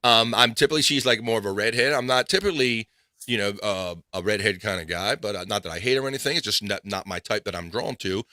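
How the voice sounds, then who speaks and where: A man's voice: lowish voice, fast, bright, forceful tone, dry recording, studio quality. A man hosting a casual live podcast, rambling, laughing and muttering to himself as he reads chat. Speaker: podcast host.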